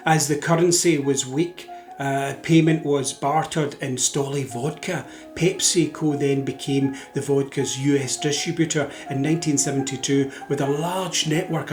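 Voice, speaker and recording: A man presenting a narrated educational talk in a measured, informative way, with occasional fillers. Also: fairly high pitch, darkish tone. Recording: roomy echo with faint music.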